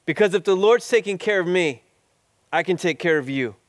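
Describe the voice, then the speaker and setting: A male pastor delivers a sermon in a high, clear voice. He speaks slowly and with emphasis, drawing out key words as he leads the congregation in recitation. The sound is dry and close. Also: no room sound.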